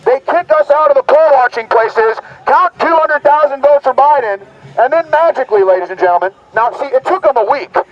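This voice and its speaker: Strained, high-pitched man haranguing an outdoor crowd through a megaphone; mocking, rowdy delivery, dull recording. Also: expressive, fairly quick. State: voice strained, nearly gone. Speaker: rally speaker. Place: outdoors at a street rally.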